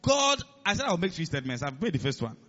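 Male preacher, high tenor, emphatic sermon delivery, dull lo-fi recording. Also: very animated, fast talker, a bit bright. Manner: emphatic, calls on the congregation to respond.

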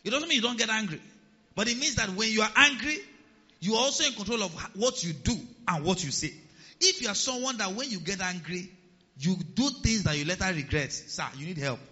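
A man's voice: sits high, brisk, big-room sound, dull audio. A man preaching a sermon as pastor, humorous, acting out quotes in different voices. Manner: lively, humorous, acts out quotes.

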